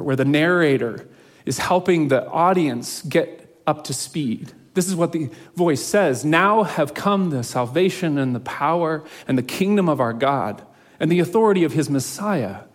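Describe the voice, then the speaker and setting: A man preaching a sermon in an earnest, measured way, slowing down to stress key phrases. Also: on the high side. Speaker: pastor.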